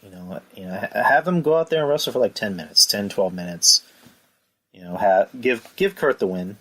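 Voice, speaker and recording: Low-pitched guy rambling on his podcast, says "you know" a lot, tense bright tone. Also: expressive, normal speed. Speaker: podcast host. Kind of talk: casual chat.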